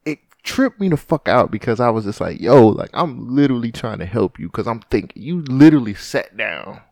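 A man telling a story in casual chat, animated and acting out the voices of the people in it, swearing often. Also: mid-range voice, brisk, vocal fry, dry recording, clean studio sound. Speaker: podcast co-host.

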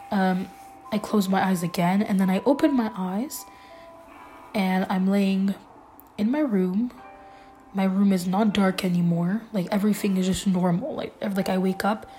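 A woman telling a scary personal story in a casual, halting way, with many fillers and restarts. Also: medium pitch, dark tone. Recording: faint music underneath.

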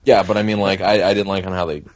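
Podcast co-host, really low voice, grumbles and drags words out when he's annoyed. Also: flat delivery, a little hiss or hum. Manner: grumbling, complaining, drawn-out emphasis. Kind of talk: casual chat.

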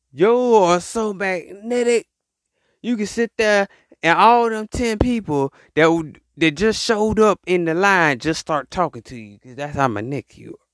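A man's voice: fairly high pitch, a bit bright, dry recording, studio quality. A man hosting a podcast, talking in a casual, rambling motivational monologue and acting out the voices he quotes. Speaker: podcast host.

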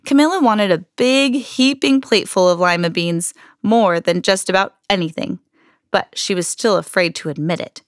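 A woman hosting a podcast, reading a children's picture book aloud in an expressive storytelling manner. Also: mid-range voice, normal speed, no echo, clean studio sound.

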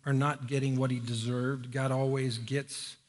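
A middle-aged man preaching a sermon in a church, folksy and joking, climbing higher when he presses a point. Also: level tone, normal speed. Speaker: pastor. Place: church sanctuary.

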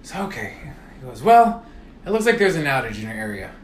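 A man's voice: mid-range voice, very animated, quick pace, fairly bright tone, echoey room. A man telling a long story in casual chat, swearing freely and acting out both sides of phone calls. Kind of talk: casual storytelling among friends.

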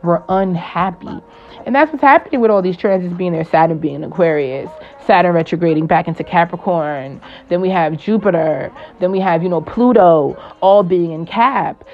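A woman with a low, gravelly voice holds forth on the stars in a loose, slangy ramble, swearing freely and laughing often. The recording sounds muffled and lo-fi. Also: normal speed. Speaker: astrologer. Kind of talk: casual astrology chat.

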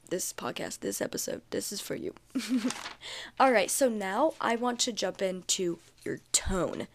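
A young adult woman hosting a casual solo podcast, chatty and full of fillers, repeating her points for emphasis. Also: mid-range voice. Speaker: podcast host.

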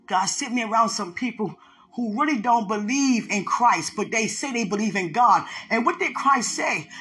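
A preacher delivering a fervent sermon, asking the listeners questions and answering them, and swinging between high, loud passages and low, hushed ones. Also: animated, moderate pace. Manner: fervent, call-and-response preaching.

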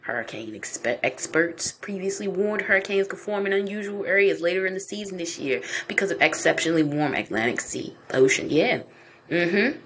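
A woman's voice: lowish voice, animated, moderate pace, fairly bright tone, slight background noise. A woman hosting a podcast, reading the news aloud and reacting in a profane, incredulous, mock-paranoid comedic rant. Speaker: podcast host.

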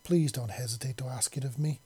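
A man doing a quiet scarred young man. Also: mid-range voice, fairly quick, slightly rough. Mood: grateful. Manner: soft-spoken.

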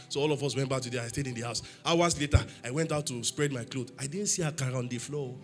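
A man's voice: fairly high pitch, fast talker, hardly any pauses, soft background music. A man preaching a sermon in church, emphatic, asking the congregation questions for them to answer. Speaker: pastor.

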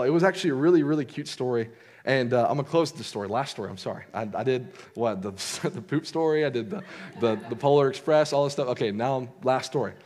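Young man preaching casually. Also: mid-range voice. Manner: conversational, lots of fillers and restarts, voices characters in quotes. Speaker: youth preacher. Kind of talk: casual sermon storytelling.

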